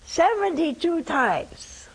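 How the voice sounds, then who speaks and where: Lively older woman preaching slowly. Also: very high voice, gravelly, poor audio. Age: 70s. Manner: reflective, drops to a whisper for quoted words. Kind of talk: sermon.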